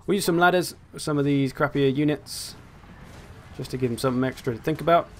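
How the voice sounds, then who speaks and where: Chatty gaming commentator. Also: male voice, on the high side, fast, darkish tone, a little hiss or hum. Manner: chatty, wry, thinking aloud. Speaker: gaming channel host. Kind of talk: casual strategy game commentary.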